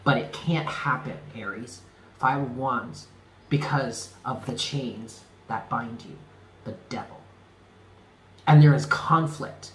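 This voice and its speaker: A man's voice: slow pace, a bit bright, slight background noise. Earnest man reading tarot, echoey room. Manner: earnest, emphatic, repeats himself, drops low on key words. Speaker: tarot reader.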